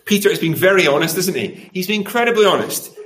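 Fast and animated, a middle-aged man's high, fairly bright voice carries his sermon. Along the way he quizzes the congregation with rhetorical tag questions and acts out quoted lines in different voices.

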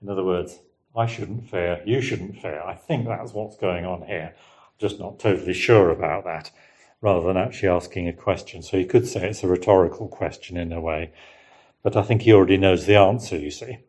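A man with a fairly low voice gives a relaxed Bible teaching. He muses aloud and keeps checking in with his listeners through rhetorical questions. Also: brisk. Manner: conversational, musing, asks the listeners rhetorical questions. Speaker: preacher.

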